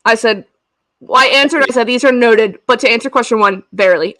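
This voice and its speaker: A woman co-hosts a casual podcast chat, gushing with excitement and laughing often. She slips into little voices when she quotes people. The sound is dry and close, with no room around it. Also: fairly high pitch, fairly quick, no room sound. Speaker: podcast co-host.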